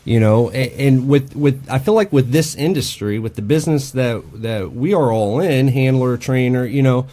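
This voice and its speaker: A man's voice: medium pitch, normal speed, few pauses, dark tone. A man hosting a casual podcast conversation, blunt and profane, with many fillers and restarts. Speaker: podcast host and dog trainer.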